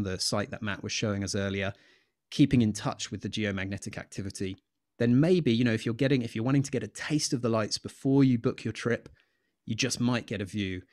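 A man's voice: fairly low pitch, dry recording, clean studio sound. A man, an astronomer taking questions in a live Q&A, explaining with enthusiasm and telling stories with frequent fillers. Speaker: astronomer guest. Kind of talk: explanatory Q&A chat.

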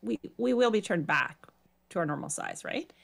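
Woman tabletop player, tentative, gravelly, mid pitch. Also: animated, normal speed, a bit bright. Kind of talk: casual tabletop play.

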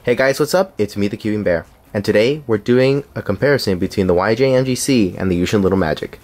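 A man's voice: fairly low pitch, fast talker, music in the background. A young man narrating a scripted puzzle cube review, reading along with small slips and restarts.

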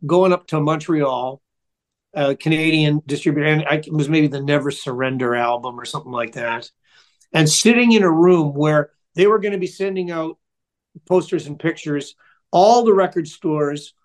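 Older male musician guest, high-pitched, loves to ramble through anecdotes. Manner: chatty, rambling storyteller. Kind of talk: casual interview storytelling.

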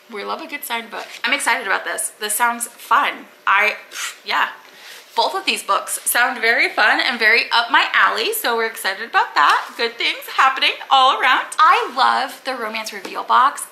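Young woman, rambly casual vlogger, bright and slightly high voice. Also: creaky, a little hiss or hum, rough recording. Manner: chatty, rambling, lots of "like" fillers. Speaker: booktuber. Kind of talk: casual unboxing chat to camera.

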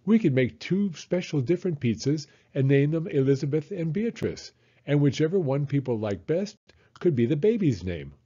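Male reader as an impatient little girl, high and bouncy, husky edge, muffled lo-fi read-aloud. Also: huge pitch swings, moderate pace, hardly any pauses, mellow, heavily acted. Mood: eager. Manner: eager, impatient. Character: eager little girl, impatient big sister.

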